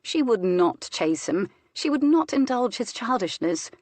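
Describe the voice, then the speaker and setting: A woman narrating an audiobook in a measured, expressive way. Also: on the high side, no echo.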